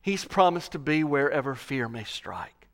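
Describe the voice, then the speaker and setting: A man preaching a sermon, slow and dramatic, swelling loud and then dropping to a hush. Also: medium pitch, expressive.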